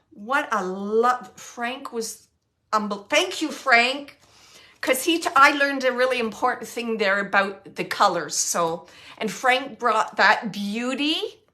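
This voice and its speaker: A woman working as a medium, giving a spontaneous spirit reading in a soft, tender, halting way as she searches for words. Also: mid-range voice. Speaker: psychic medium.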